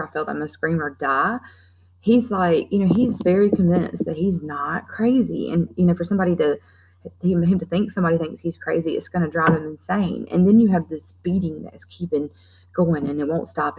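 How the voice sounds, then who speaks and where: A woman with a somewhat low voice walks her class through a story. She explains casually, with frequent fillers and restarts, as a teacher. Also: gravelly, darkish tone, husky, poor audio. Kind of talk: classroom literature lesson.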